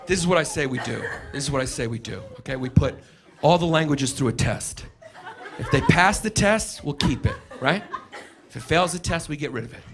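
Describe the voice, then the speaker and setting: A man's voice: on the high side, animated, brisk. A man doing a brash, profane stand-up comedy set on a club stage, riffing on a handheld mic. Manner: brash, profane, riffing, mock-foreign gibberish bits. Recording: live club recording, loud crowd laughter and noise. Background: audience laughter.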